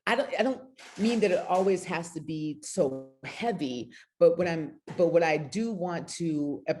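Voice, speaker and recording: A woman's voice: on the low side, normal speed, darkish tone. A middle-aged woman spoken word poet talking earnestly on a video call, emotional and close to tears. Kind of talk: casual talk on a video call.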